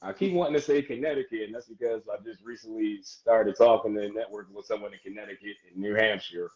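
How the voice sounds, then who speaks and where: Male DJ guest, animated and chatty, muffled lo-fi sound. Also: lowish voice, fast talker. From United States. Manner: animated, laughs often, gives shout-outs. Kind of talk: casual live-stream interview.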